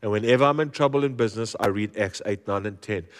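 A low-pitched man delivers a sermon in a church, telling stories with humor and an animated, stop-start flow full of repeated words. His voice rings out with the long reverb of a large hall. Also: quick pace. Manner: lively, joking storyteller with many repeated words. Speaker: guest preacher. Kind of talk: storytelling sermon.

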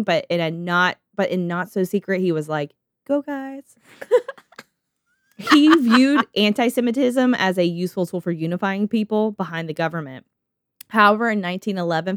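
A woman's voice: mid-range voice, dry recording, studio quality. Woman host telling history with asides. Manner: reads history aloud with laughing, profane asides. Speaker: podcast host. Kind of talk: casual history storytelling.

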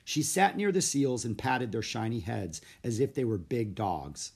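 A man reading a children's storybook aloud in an expressive, lively narration. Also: mid-range voice, measured pace, vocal fry, breathy edge. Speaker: audiobook narrator.

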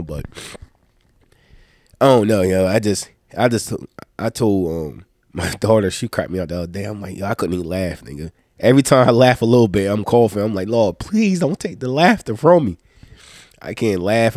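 A man's voice: sits low, fairly quick, no room sound, clean studio sound. Stuffy-nosed man telling loose stories. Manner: loose, profane, animated storytelling. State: sick, stuffed-up nose. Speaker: podcast host. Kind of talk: casual podcast chat.

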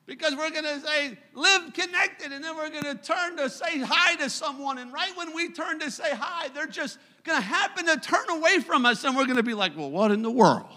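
A middle-aged male pastor preaching a sermon in a church, swinging from loud declarations to hushed asides. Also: very high-pitched, brisk, hardly any pauses. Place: church sanctuary. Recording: live church recording with long hall reverb.

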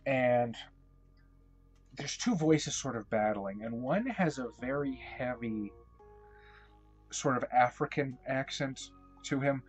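A man narrating as storyteller of a tabletop game, self-deprecating and hesitant, often pausing on fillers. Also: mid-range voice, soft background music.

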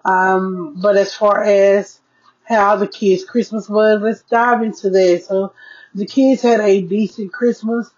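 A woman talking straight to her podcast listeners in a relaxed diary-style chat. She speaks frankly and keeps calling them "y'all". Her voice sits in a middle pitch, and the recording sounds dull and lo-fi. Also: slow pace. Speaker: podcast host.

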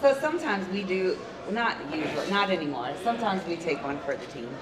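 A woman's voice: lowish voice, big pitch swings, brisk, roomy sound, far from the mic, crowd noise. A woman co-hosting a casual podcast, teasing and laughing as she chimes into the conversation. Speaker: podcast co-host. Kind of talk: casual chat.

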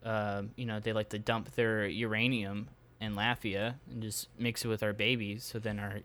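A young man improvising as an aggrieved male Latvian spokesman, rambling with halting fillers. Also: lowish voice, little pitch movement, fairly bright tone, natural voice. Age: young adult. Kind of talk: improvised comedy role-play.

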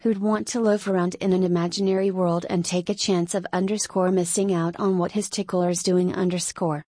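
A woman's voice: lowish voice, little pitch movement, mellow, no room sound, close to an everyday voice. Woman narrator doing a tired, fussy older-middle-aged man; dry read. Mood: brisk. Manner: tired and yawning, then briskly cheerful.

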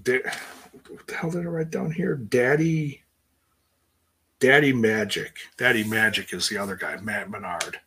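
A man chatting casually through a wrestling show recap, rambling, restarting sentences and putting on higher voices for quotes. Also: steady tone, a little slow, long pauses, bright, forceful tone, a little hiss or hum. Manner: rambling and self-interrupting, acts out quotes in a higher voice.

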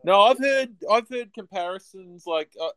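A man's voice: high-pitched, animated, normal speed, a crowd in the background. An Australian man, a podcast guest, telling stories in loose casual chat, swearing freely and laughing as he goes.

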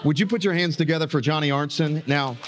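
A man in his thirties preaches from a church stage in a somewhat higher voice. He stretches out key words and lets lines drop low for emphasis, with plenty of dramatic pauses. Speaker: pastor. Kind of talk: sermon.

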